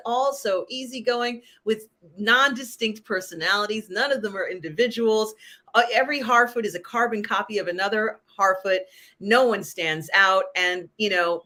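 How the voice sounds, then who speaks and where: A woman hosts a relaxed live-stream chat about pop culture. Her voice is bright and forward, and she talks in a chatty, rambling way, full of "um" and "you know". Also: mid-range voice. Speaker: host.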